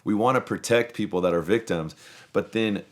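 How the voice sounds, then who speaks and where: A man in his thirties with a lowish voice hosts a podcast at a normal speed. He tells long, rambling stories in casual chat and swears freely.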